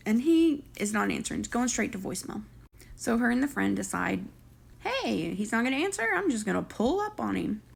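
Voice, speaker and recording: Gossipy woman with a gravelly voice. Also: mid-range voice. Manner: chatty, gossipy, opinionated. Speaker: reality TV recap host. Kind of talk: casual recap chat.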